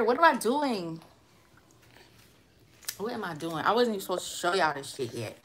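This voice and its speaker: A woman's voice: medium pitch, big pitch swings, moderate pace, long pauses, fairly bright tone. A young woman with a Southern accent from the Carolinas, chatting casually at home on a livestream and reading out viewer comments. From North Carolina or South Carolina, US. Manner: chatty, loose, trails off with fillers. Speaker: hair vlogger reading live comments. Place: at home, indoors.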